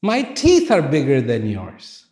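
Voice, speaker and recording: A man's voice: medium pitch, wildly swooping pitch, slow, darkish tone. A man doing a boastful, bullying lion. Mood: scornful. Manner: blustering, scornful. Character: boastful huge lion, bullying then fearful.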